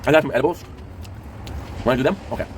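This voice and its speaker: Guy in his 30s rambling fast to camera, lots of ums, swears a bunch, light background noise. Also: medium pitch. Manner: rambling, emotional, swearing, with many fillers. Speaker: commentary show host. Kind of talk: casual chat to camera.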